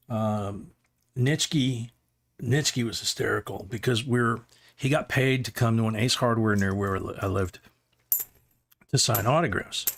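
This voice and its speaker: A middle-aged man hosting a livestream, rambling through a casual anecdote with chuckles. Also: mid-range voice. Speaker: livestream host.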